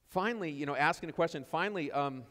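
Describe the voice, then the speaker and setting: A man's voice: on the high side, quick pace, fairly bright tone. A man preaching a sermon in a church, telling stories in a conversational way and repeating his key phrases. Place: church sanctuary. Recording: long church reverb.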